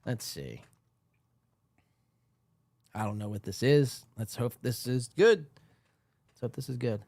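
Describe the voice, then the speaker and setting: A man's voice: mid-range voice, slow pace, a little mellow, no room sound. A man hosting a live podcast, rambling casually and laughing as he reads the chat aloud, worn out after a long stream. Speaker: podcast host. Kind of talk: casual livestream commentary.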